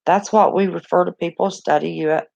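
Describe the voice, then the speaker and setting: Excitable Southern West Virginia woman, gravelly. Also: on the low side, brisk, lo-fi sound. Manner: chatty, excitable, talks to viewers and reacts to the chat. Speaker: live stream host. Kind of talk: casual live chat. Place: a cluttered bedroom at home.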